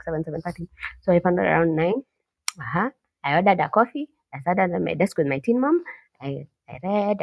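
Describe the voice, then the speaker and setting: A woman's voice: low voice, creaky, a little mellow, slightly rough, dry recording. A young woman with a Kenyan accent, a podcast guest telling her story in a chatty, candid, self-mocking way. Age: young adult. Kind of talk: casual storytelling chat.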